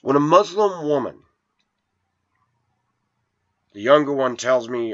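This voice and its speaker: A man's voice: mid-range voice, normal speed, pauses often, highs cut off. A man in his forties telling a rambling personal story in an indignant, preachy way to his viewers. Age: 40s. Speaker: vlogger.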